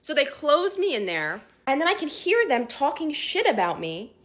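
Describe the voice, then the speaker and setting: A young woman telling a casual storytime vlog, chatty and animated, full of filler words, swearing and laughter. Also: high voice, normal speed.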